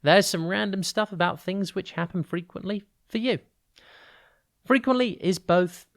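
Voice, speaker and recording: A tutor giving a podcast vocabulary lesson, explaining clearly and deliberately, spelling words out letter by letter and stretching key words to show their stress. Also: mid-range voice.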